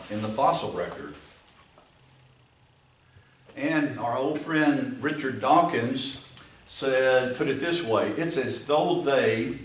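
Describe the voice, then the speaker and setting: A Southern man with an Appalachian accent lectures a class in a plain, folksy way, stopping for "uh" and restarting his sentences. He is recorded by a distant camera in an echoing empty classroom with faint background noise. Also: medium pitch. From American South. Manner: folksy, with frequent uh fillers and restarts. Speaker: Bible class teacher. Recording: echoey room, camera far off, faint ambient noise.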